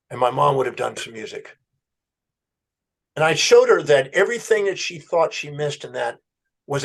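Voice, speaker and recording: A man's voice: mid-range voice, vocal fry. A man telling a story as a podcast guest, acting out a client's words and his own questions. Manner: animated storyteller, quoting a client's answers.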